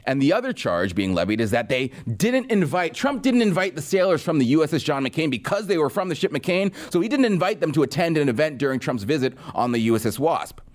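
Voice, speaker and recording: Guy doing political commentary, sarcastic, voice bounces all over, kinda high. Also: big pitch swings, fairly quick, few pauses. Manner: sarcastic, mocking. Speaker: podcast host.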